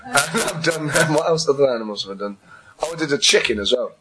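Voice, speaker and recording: A man's voice: on the high side, lively intonation, fast, crowd noise. A man, a stand-up comedian, telling a funny story on a comedy panel and laughing often. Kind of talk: comic panel chat, anecdote. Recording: noisy live venue recording.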